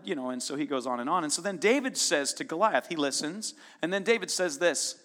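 A man preaching a sermon, retelling a story in a casual, lively way and voicing its characters with sudden bursts of intensity. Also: on the high side. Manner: storytelling with casual asides and quick dramatic voicing. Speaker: pastor. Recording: long reverb of a large hall.

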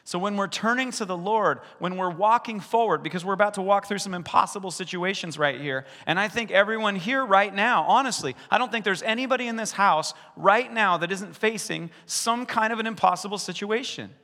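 A man preaching a sermon as pastor, animated, acting out the voices in the stories he retells. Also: sits high, brisk, hardly any pauses. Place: church sanctuary. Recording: long reverb of a large hall.

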